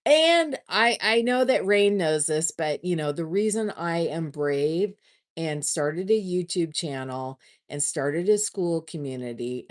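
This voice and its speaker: A woman with a low voice hosts a casual livestream chat. She talks slowly and gushes, often starting a word twice before going on. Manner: chatty, gushing, restarts often. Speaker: livestream host.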